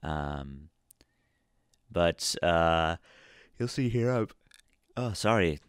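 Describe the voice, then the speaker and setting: A man's voice: deep voice, expressive, drawn-out words, clean tone, no echo. A tired man casually talking through a space game, rambling with lots of fillers and restarts. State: tired, yawning. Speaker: gameplay commentator. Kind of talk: casual let's-play commentary.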